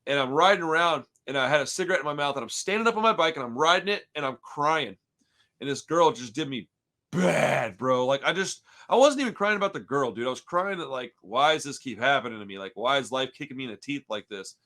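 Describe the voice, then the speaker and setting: A man's voice: mid-range voice, expressive, brisk, pushed and bright. A man from Houston in his thirties hosting a casual podcast chat, telling rambling stories full of dude, bro and swearing. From Houston, Texas. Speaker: podcast host.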